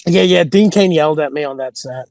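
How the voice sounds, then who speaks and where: A male comedian appears as a guest on a podcast, chatting casually, rambling through stories and acting out what people said. His voice is on the high side, brisk, gravelly and a little mellow, with no room sound.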